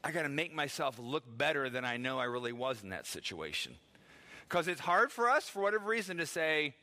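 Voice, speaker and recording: A middle-aged male pastor gives a sermon in a bright, forward voice. He talks to the congregation like a conversation, acting out the voices of people he quotes, and laughs now and then. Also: medium pitch, very animated, a little fast.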